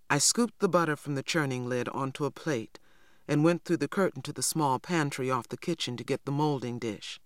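An audiobook narrator reading a first-person novel in a measured, even storytelling manner. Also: mid-range voice, no echo, studio quality.

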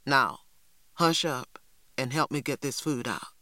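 A woman reading aloud voices a stern elderly grandmother, gruff and firm. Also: measured pace, sharp tone, no echo, clean studio sound, full character voice. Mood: scolding. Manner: gruff, scolding, low.

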